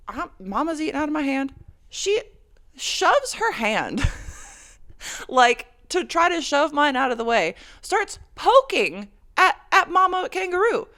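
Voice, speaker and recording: A woman's voice: mid-range voice, vocal fry, a bit bright. A woman hosting a podcast, telling a rambling, profane story as a casual monologue. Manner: rambling and profane, with frequent laughs. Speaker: podcast host.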